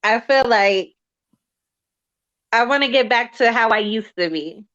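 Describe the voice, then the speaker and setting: Woman, podcast guest on a call line, high voice, slow and soft-spoken, dull lo-fi sound. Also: lively intonation. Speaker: guest calling in. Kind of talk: casual chat.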